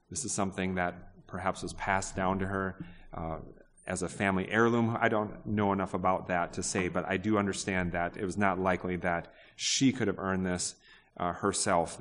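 Deep-voiced man preaching in a reverberant hall. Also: level tone, normal speed, a bit bright. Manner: conversational, asks the congregation questions, frequent restarts. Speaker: pastor. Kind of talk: sermon. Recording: long reverb of a large hall.

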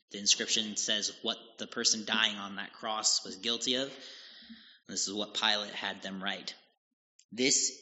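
A man preaching a sermon, slowly retelling a scripture passage and explaining it, in a deliberate manner. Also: fairly low pitch, bright, forceful tone. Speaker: pastor. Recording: dull lo-fi audio with long hall reverb.

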